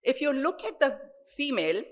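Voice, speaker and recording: A woman's voice: sits high, sing-song, moderate pace, low-quality recording. A woman with an Indian accent giving an earnest, explanatory medical lecture at a conference, repeating words for emphasis.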